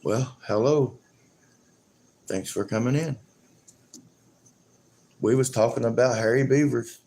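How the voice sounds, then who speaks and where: Slow, rambling man. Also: medium pitch, warm tone. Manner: rambling, joking, chuckles often. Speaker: live-stream host. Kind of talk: casual live-stream chat.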